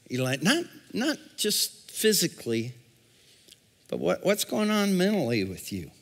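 A male pastor preaching a sermon, calling out to the congregation and swinging from shouts to a near-whisper. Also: high-pitched, huge pitch swings, measured pace. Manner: call-and-response preaching. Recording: long reverb in a large hall.

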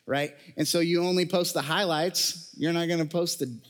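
Male preacher, slightly high voice, conversational sermon style, jokey asides to the congregation. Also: fairly even intonation, normal speed, a bit bright, long reverb tail. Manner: conversational, joking asides, frequent fillers.

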